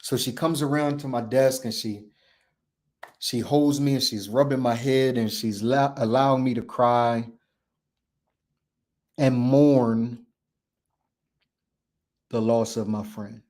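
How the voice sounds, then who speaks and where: A man's voice: mid-range voice, fairly even intonation, slow, long pauses, darkish tone. Male podcast host, storyteller, emphatic and repetitive delivery with acted-out dialogue. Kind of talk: personal storytelling.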